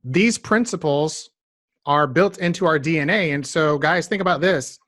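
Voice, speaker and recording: A man's voice: a little high, moderate pace, dry recording, studio quality. A man hosting a business podcast interview, telling stories and speaking directly to his listeners. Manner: animated storytelling, addresses listeners directly. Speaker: podcast host. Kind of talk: conversational interview.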